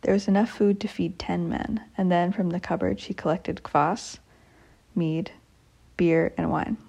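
A woman reading a folk tale aloud as storyteller, with a measured, steady manner. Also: on the low side, creaky, slightly rough.

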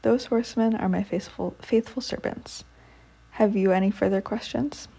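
A fearsome old storybook witch who barks orders and threatens to eat whoever fails her, put on by a woman reading aloud. The voice is gravelly and husky, with a dark tone. She sounds commanding and cold. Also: mid-range voice, steady tone, moderate pace.

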